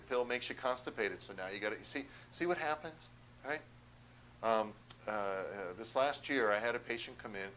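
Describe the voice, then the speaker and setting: A man with a fairly low voice speaks directly to the viewer, making a persuasive health pitch and checking in with quick questions. A faint hum runs underneath the recording. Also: sharp tone, rough recording. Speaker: chiropractor. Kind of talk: health seminar talk to viewers.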